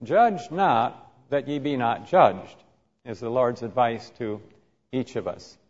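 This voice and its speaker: A man teaching a sermon who reads scripture aloud and then explains it, slowly and deliberately, acting out quoted insults vividly. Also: medium pitch, darkish tone. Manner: slow and deliberate. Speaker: Bible teacher. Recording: muffled, reverberant hall recording.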